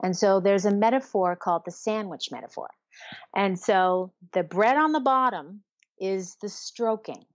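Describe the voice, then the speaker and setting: A woman therapist appears as an interview guest, earnestly explaining ideas in a teaching manner and voicing examples of inner self-talk in quotes. Her voice is medium-pitched and her pace measured, on a dull, lo-fi, dry recording.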